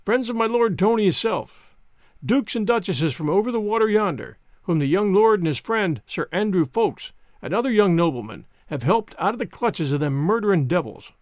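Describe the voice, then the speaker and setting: A man's voice: sits high, expressive, moderate pace, no room sound, studio quality. A man doing a blustering hearty innkeeper. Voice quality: loud, opinionated, rustic speech. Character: blustering middle-aged male innkeeper, hearty.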